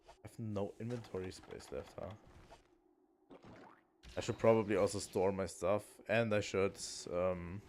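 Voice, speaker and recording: A man's voice: low-pitched, steady tone, a little slow, pauses often, a little mellow, slight background noise. A man streaming a video game, talking to himself in a loose, thinking-aloud way with frequent ums and restarts. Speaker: gaming streamer. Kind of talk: casual let's-play commentary.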